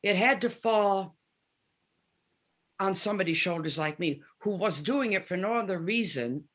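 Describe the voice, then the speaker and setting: Her voice is mid-range and her speed normal: a guest musician in her seventies being casually interviewed, telling candid stories with energy and acting out what others said.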